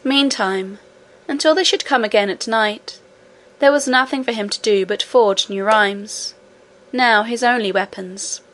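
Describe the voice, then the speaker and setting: A woman's voice: fairly high pitch, measured pace, a bit bright. Woman reading a storybook aloud. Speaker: audiobook narrator. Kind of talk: scripted storybook narration.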